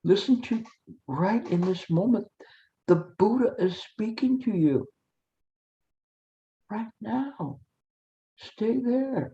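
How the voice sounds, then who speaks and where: Slow, earnest male meditation teacher. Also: sits high, expressive, warm tone. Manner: earnest, repetitive and coaxing. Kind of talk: dharma talk. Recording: dull lo-fi recording.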